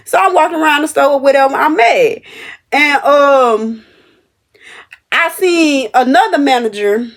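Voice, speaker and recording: Young woman, high voice, animated and emphatic, storytelling vlog straight to viewers. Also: a little slow. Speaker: store cashier telling a work story. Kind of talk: casual storytelling to camera.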